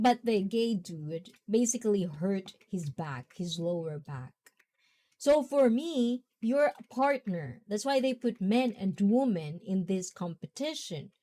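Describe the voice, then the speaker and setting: A young woman speaks in an easygoing, rambling way, laughing often as she hosts a casual talk. Her voice is soft and mellow in tone. She takes her time and never rushes. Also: medium pitch. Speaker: host.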